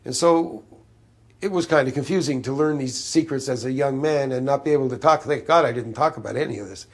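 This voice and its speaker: A man of seventy, an interview guest, recalling old secrets in a rambling way, with frequent restarts and fillers. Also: mid-range voice. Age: 70s. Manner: halting, many restarts and fillers, conspiratorial tone.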